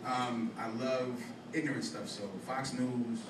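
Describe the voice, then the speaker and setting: A man's voice: mid-range voice, steady tone, a little slow, echoey room. Male spoken word poet, rhythmic rhymed delivery, live room, distant mic, background noise. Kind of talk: spoken word poetry performance. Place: live performance room with audience.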